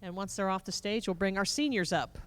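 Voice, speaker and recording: Folksy woman emcee on a corded stage mic, upbeat and homespun, mid-pitched. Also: brisk. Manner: folksy and enthusiastic. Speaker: event emcee. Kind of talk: live stage hosting. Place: state fair stage. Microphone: corded handheld microphone.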